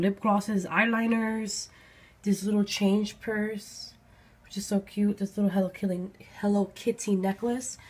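A woman vlogging at home, chatting excitedly about her presents and sometimes dropping to a whisper. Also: medium pitch. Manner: gushing, chatty, drops to soft whispers. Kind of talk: casual vlog chat. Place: home, indoors.

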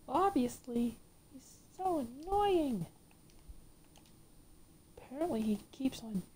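A woman's voice: very high voice, warm tone. A woman giving gameplay commentary, ranting and swearing at the game as she plays. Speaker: let's play gamer.

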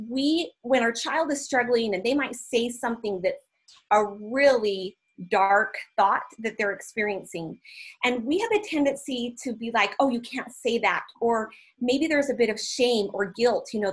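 A woman's voice: a little high, slightly rough, low-quality recording. A woman on a video call, speaking in an earnest, heartfelt way, teary and emotional. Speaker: panelist giving prayer. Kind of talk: prayer and panel talk on video call.

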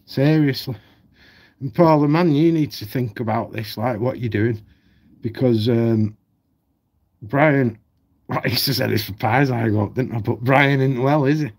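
A man's voice: medium pitch, a little slow, a little mellow, breathy edge. A man ranting at home on his channel, blunt, heated and full of swearing. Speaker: vlogger. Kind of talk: ranting commentary.

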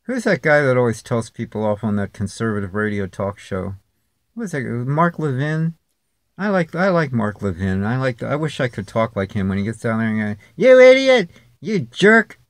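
A man's voice: medium pitch, lively intonation, normal speed, dry recording. A man vlogging at home, talking in a sarcastic, rambling way straight at an unseen viewer. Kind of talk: casual monologue to camera. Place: home, near a street.

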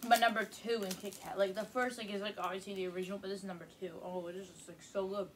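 A woman's voice: medium pitch, steady tone, fast talker, slight background noise. A woman chatting casually in a snack review, candid and filling her talk with "like.". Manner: chatty, says "like" a lot, candid.

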